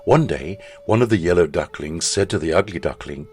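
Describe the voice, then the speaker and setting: A man, a school chaplain, narrating a children's story in an expressive storytelling manner. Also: low voice, a little fast, few pauses, breathy edge, soft background music.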